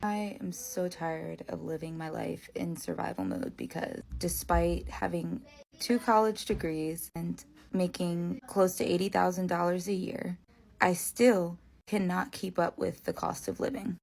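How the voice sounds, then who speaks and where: A woman's voice: lowish voice, fairly even intonation, a little slow, creaky, darkish tone, slight background noise. A woman speaking firmly and indignantly about being underpaid. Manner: indignant, firm. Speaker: healthcare worker. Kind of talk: frustrated monologue to camera.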